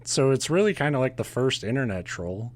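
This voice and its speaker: A man with a mid-range, expressive voice speaks briskly while hosting a podcast. In casual chat he retells a ghost legend, sarcastic and profane, laughing often.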